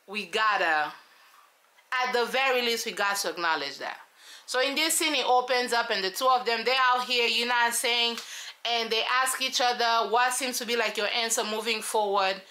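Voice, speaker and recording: A woman giving sassy, animated commentary on a reality show, talking straight to her viewers. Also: a little high, normal speed. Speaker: show reviewer.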